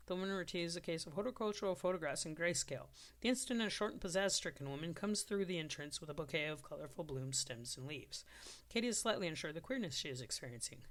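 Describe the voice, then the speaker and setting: A middle-pitched storyteller reads an unpolished story draft aloud. The reading is steady and plain, with now and then a stumble and a quick fix. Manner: steady reading with occasional self-corrections. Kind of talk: storybook narration.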